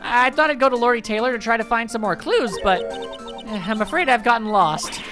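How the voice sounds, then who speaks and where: A woman's voice: a little high, animated, moderate pace, over music, natural voice. A woman voicing a timid, polite nine-year-old girl in a fan voice-over of a game, hesitant and shy.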